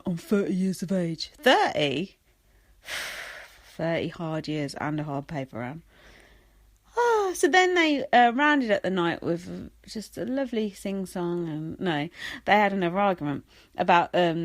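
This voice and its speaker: A woman recapping a reality show in a sweary, sarcastic, exasperated rant. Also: lowish voice. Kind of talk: ranting casual commentary.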